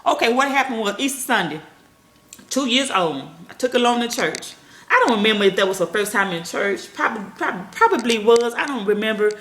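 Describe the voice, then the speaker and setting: A woman's voice: fairly high pitch, animated, fairly quick, a bit bright, a little hiss or hum. Rambling, profane woman chatting to viewers. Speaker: parenting vlogger. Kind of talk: casual rambling chat to viewers. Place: small room at home. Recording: echoey room.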